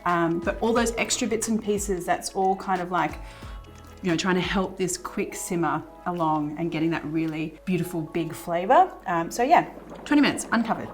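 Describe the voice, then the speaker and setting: This woman's voice sits on the low side and moves at a moderate pace, with soft music playing behind her. As host of a cooking show, she cooks in her home kitchen and casually chats through the recipe, relaxed and full of fillers.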